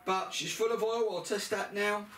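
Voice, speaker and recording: A man's voice: high voice, fairly even intonation, moderate pace, background noise. A man casually talking through a motorbike service he is doing, in a chatty, grumbling, matter-of-fact way. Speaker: motorbike mechanic vlogger. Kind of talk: casual working commentary. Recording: roomy sound from a distant camera mic.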